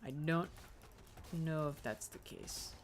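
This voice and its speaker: A man's voice: fairly high pitch, fairly even intonation, slow, slight background noise. A young man casually commenting on his own gameplay, rambling and joking to himself as he plays. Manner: rambling, joking self-talk. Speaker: gaming video host. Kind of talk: casual let's-play commentary.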